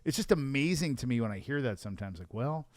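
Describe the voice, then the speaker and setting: A man's voice: medium pitch, sing-song, fast talker, darkish tone, dry recording. A man co-hosting a sales podcast, chatting casually and telling stories with emphatic repeated phrases. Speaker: podcast co-host.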